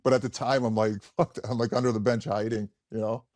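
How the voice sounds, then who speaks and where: A man's voice: on the low side, level tone, fairly quick, a little mellow, no room sound. A man in his thirties, a former pro hockey player, telling stories in casual chat, laughing often and rambling with many restarts.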